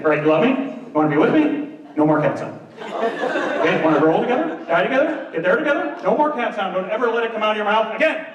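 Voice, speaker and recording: A man voicing his wife, who lays down a rule in a low, firm, hushed voice, in a roomy hall picked up from a distance. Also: muffled recording. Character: stern wife laying down the law, low and firm.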